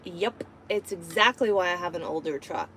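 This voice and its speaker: A woman's voice: on the low side, moderate pace, fairly bright tone, a little hiss or hum, rough recording. A woman truck driver chatting casually on a live stream from inside her truck cab, talking to her viewers and her cat.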